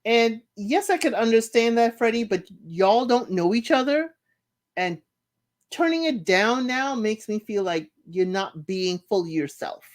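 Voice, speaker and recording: A woman hosting a casual reality show recap, animated, laughing and mimicking the cast's lines. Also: fairly high pitch, a little slow. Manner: animated, laughs, mimics cast members' quotes.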